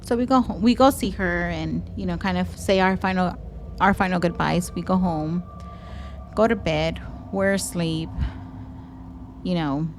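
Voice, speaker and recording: A young woman with a Texan accent, co-hosting a podcast and telling a story in casual chat, animated, swearing freely and slipping into Spanish phrases. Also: on the low side, measured pace, long pauses, slight background noise. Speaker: podcast co-host.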